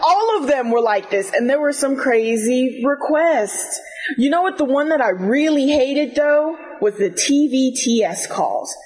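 A woman guest on a casual podcast, telling stories in a candid, animated way. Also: high voice, measured pace, poor audio. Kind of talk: casual chat.

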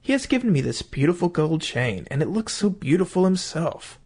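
Guy doing a happy clueless dad from a fairy tale, bright pleased voice, lively. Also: a little high, moderate pace, husky, pitched above the performer's own voice, full character voice. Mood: cheerful. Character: cheerful, unsuspecting father.

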